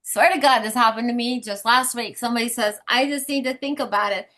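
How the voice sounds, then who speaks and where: A woman's voice: a little high, brisk, bright, forceful tone. A woman leading a sales team on a motivational call, talking bluntly and emphatically, often laughing.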